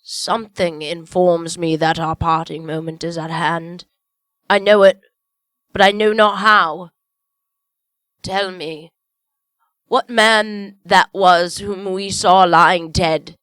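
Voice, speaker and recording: A woman's voice: fairly low pitch, steady tone, slow, pauses often, a bit bright, clear, resonant tone, no echo. A woman reading aloud, voicing an old miserly man who pleads urgently and cries out in alarm. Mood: pleading. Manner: urgent, rising to anxious cries.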